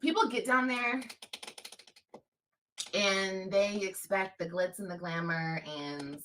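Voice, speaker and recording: A woman's voice: mid-range voice, takes it slowly, a bit bright, far from the mic, slight background noise, rough recording. A woman from Los Angeles chatting casually on a livestream, emphatic and repeating her points. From Los Angeles, California.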